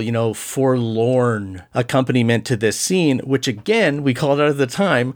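Man breaking down a film in detail. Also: mid-range voice. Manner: enthusiastic, detailed, builds long points. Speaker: podcast co-host. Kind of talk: analytical film discussion.

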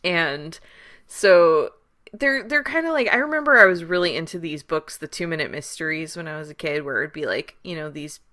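A woman co-hosting a podcast in relaxed casual chat, rambling with fillers and laughs. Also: low voice, moderate pace. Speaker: podcast co-host. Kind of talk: casual chat, recommending a show.

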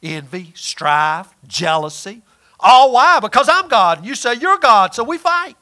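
A man with a high, bright voice delivers a sermon to his congregation. He talks in a folksy, emphatic way, punching some points loudly and dropping others to a near murmur. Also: very animated, unhurried. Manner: folksy and emphatic, swings between loud and quiet. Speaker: preacher.

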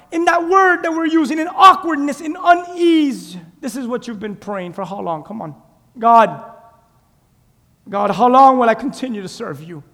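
A man preaching with a very high voice and a slow, drawn-out delivery, emphatic and impassioned, breaking into shouts and calling out to the congregation. His sermon rings with the long reverb of a church hall. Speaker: pastor. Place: church sanctuary.

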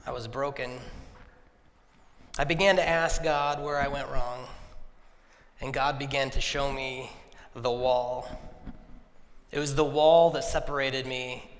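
A man in his thirties telling a personal story to an audience, self-deprecating and humorous, and animated when he relives arguments. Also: medium pitch, slow, pauses often. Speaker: speaker. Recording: long reverb of a large hall.

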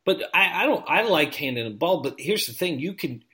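A man chats about football as a podcast co-host, animated and quick to restart his sentences. His voice swings widely in pitch and has a bright, forward tone. The talk is loose and conversational. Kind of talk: casual sports chat.

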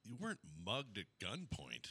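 A man co-hosting a comedy podcast, chiming in with wry, quick remarks. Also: lowish voice, huge pitch swings, creaky, bright, forceful tone, a little hiss or hum. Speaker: podcast co-host. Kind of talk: casual chat.

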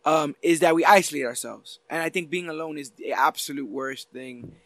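A man co-hosts a podcast in a dry, close-miked sound. His voice sits a bit high, and he explains things earnestly in long stretches, often stopping and restarting mid-sentence. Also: normal speed, fairly bright tone, dry recording. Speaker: podcast co-host. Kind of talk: casual podcast chat.

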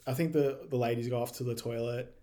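A man co-hosting a podcast, recapping a movie in casual chat, laughing often and quoting scenes quickly. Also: mid-range voice, steady tone, dark tone. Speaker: podcast co-host.

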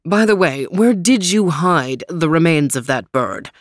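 A large, ponderous dog weighs the clues in slow, deliberate pronouncements, as a woman narrator puts him on. The voice is low and the recording dry. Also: lively intonation, dry recording. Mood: thoughtful.

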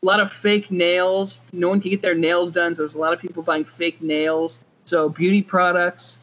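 A man with a notably high voice argues his side in a casual podcast chat, pressing his point again and again. The sound is dull and lo-fi. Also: little pitch movement, moderate pace, a bit bright, a little hiss or hum. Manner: insistent, argumentative. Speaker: podcast co-host.

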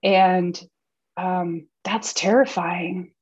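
A woman sharing candidly in a support-group meeting, speaking haltingly with many pauses. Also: fairly low pitch, steady tone, darkish tone, slightly rough, muffled recording.

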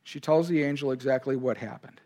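Brisk and darkish in tone, a mid-range male voice delivers an earnest sermon. The pastor leans on key words and gives God's lines emphatic feeling.

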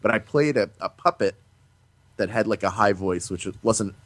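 A man being interviewed, chatting casually and telling animated stories about doing voices. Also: fairly low pitch, moderate pace, dry recording. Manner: animated storyteller, breaks into playful voices. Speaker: voice actor guest.

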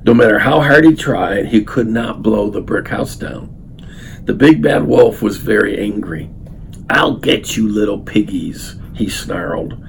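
A man's voice: lowish voice, gravelly, slight background noise. An older man reading a children's story aloud, then talking unhurriedly with many fillers. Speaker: speaker reading a story to his grandchild.

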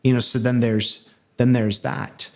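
A man's voice: medium pitch, little pitch movement, a little slow, gravelly, a little mellow. A man co-hosting a casual discussion, often acting out quoted dialogue and restarting his sentences.

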